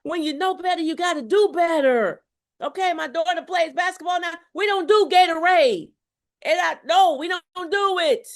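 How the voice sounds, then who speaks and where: A woman's voice: extremely high pitch, moderate pace. A middle-aged woman from Houston, a health coach talking emphatically to her viewers, repeating phrases and calling out to them. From Houston, Texas. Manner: emphatic, preacherly, repeats phrases and calls on the audience. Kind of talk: live health challenge talk to viewers.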